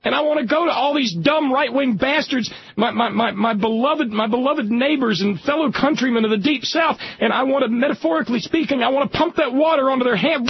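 Male talk radio co-host from Alabama: high, husky, very animated, impassioned, muffled lo-fi radio sound. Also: a little fast, hardly any pauses, slight background noise. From Alabama, USA. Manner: impassioned, emphatic ranting. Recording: lo-fi radio broadcast.

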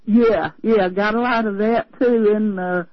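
A woman's voice: mid-range voice, fairly even intonation, unhurried, no echo. Older Southern woman on a dull phone line. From Tennessee. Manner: folksy, meandering, many fillers and restarts. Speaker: radio call-in listener. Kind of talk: rambling phone chat. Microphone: telephone.

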